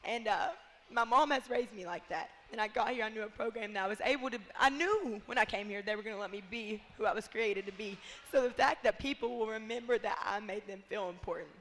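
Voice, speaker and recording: A woman's voice: mid-range voice, a little fast, fairly bright tone, big-room sound. A young woman basketball player speaking heartfeltly in a casual radio interview, close to tears at times. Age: young adult. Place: bar and grill.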